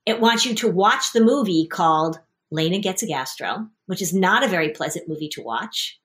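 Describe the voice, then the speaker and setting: A middle-aged woman therapist hosting a session, coaching a parent and child and telling stories with acted-out voices. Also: lowish voice. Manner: lively storyteller, acts out scenes with voices. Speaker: anxiety therapist and podcast host.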